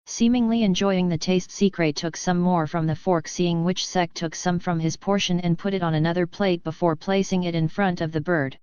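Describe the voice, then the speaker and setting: A woman narrating a webnovel audiobook in an even, mechanical read that even reads out asterisks. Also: lowish voice, normal speed, few pauses, clear, resonant tone, dry recording. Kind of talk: synthetic-sounding webnovel narration. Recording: dry, slightly dull lo-fi audio.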